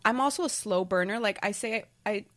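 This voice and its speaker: A woman's voice: mid-range voice, fairly quick, a bit bright. A woman guest on a podcast, chatting candidly and playfully dramatizing her dating life. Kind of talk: casual chat.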